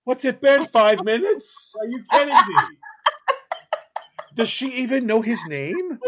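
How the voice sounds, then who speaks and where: Animated laughing man telling stories. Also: extremely high pitch, a little slow, slight background noise. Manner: animated, laughing, acts out quotes in funny voices. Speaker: podcast host. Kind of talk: casual storytelling chat.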